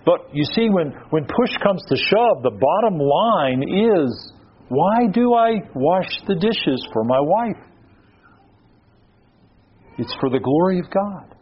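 A man delivers a sermon in a conversational, animated manner. His voice sits a little high and moves a lot, with a husky edge. The sound is dull and lo-fi, like a radio broadcast. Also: measured pace, long pauses. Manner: animated, conversational, acts out his own inner thoughts. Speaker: preacher.

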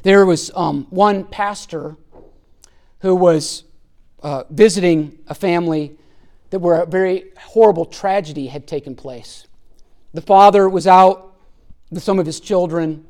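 Earnest man preaching a sermon. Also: a little slow. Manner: earnest, emphatic, voice drops low and soft at key points. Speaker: pastor.

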